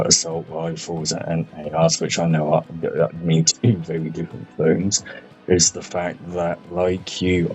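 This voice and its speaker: A man chatting casually about a game, relaxed and swearing freely. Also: low voice. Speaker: gaming podcast host. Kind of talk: casual chat. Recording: muffled lo-fi sound, faint music.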